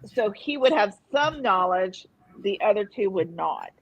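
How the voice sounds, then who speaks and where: A woman's voice: medium pitch, expressive, unhurried, dry recording, low-quality recording. A woman chatting casually as a guest on a live fan show, often chiming in to agree. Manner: agreeable, frequent affirmations. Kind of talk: casual chat.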